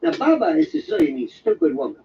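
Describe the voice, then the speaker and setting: A man's voice: on the high side, huge pitch swings, fast, creaky. An older man hosting a live show, delivering a digressive, wisecracking monologue in a sardonic tone. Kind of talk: rambling live-stream monologue. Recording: dull, distant stream audio with faint noise.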